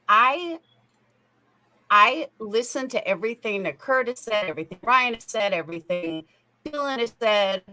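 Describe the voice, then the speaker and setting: A woman hosts her own livestream, greeting viewers and talking straight to them in a chatty, casual way. Her voice sits at an ordinary pitch and comes through a computer microphone on a call. The connection cuts in and out now and then. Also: bright, forceful tone, a little hiss or hum, low-quality recording. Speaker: YouTube channel host. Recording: connection cutting in and out.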